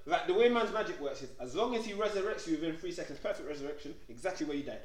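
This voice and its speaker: A man's voice: fairly high pitch, very fast. A man, a podcast co-host animatedly retelling an anime scene in casual chat. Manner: animated storytelling, acts out scenes. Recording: echoey room, a bit off-mic.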